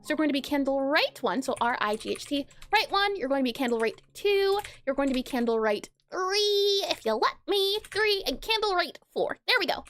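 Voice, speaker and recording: High-pitched, animated woman game dev, playful and giggly live-stream banter. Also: moderate pace, few pauses, a little hiss or hum. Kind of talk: casual live-stream coding chat.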